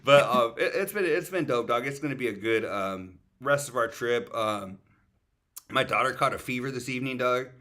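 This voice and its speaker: A man in a loose, profane podcast chat, full of slang and calling people "dog" as he rambles. His pitch sits in an ordinary middle range for a man. He streams from the road, away from home. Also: expressive, normal speed, bright, forceful tone. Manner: slangy, swears a lot, calls people "dog". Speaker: podcast co-host. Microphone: streaming setup.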